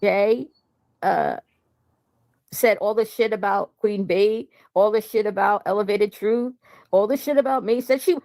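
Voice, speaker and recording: Gravelly, aggrieved woman creator. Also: mid-range voice, unhurried, mellow, no echo. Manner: aggrieved, repetitive listing. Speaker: online creator. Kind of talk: livestream complaint.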